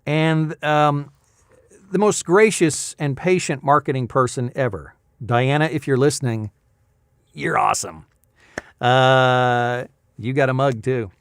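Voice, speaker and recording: A man's voice: mid-range voice, slow, clean tone, no room sound. A man in his fifties, a voice-over artist chatting in a rambling casual vlog recap with many fillers. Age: 50s.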